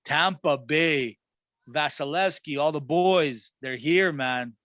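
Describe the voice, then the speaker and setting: A man co-hosting a sports podcast in casual chat, animated and hyped, acting out quotes as he talks. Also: on the high side, takes it slowly, no room sound. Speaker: podcast co-host.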